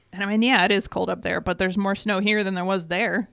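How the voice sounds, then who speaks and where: Smooth-voiced woman chatting thoughtfully. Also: medium pitch, steady tone, a little fast, fairly bright tone, no echo, studio quality. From Michigan. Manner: thoughtful, explains at length. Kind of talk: casual chat. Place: North Carolina.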